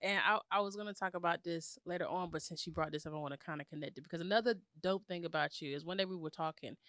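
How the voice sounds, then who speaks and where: A woman's voice: fairly low pitch, fast talker, fairly bright tone, no echo, clean studio sound. A woman hosting a podcast, interviewing a guest in an enthusiastic, slangy chat. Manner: enthusiastic, slangy, says "you know what I'm saying". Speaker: podcast host.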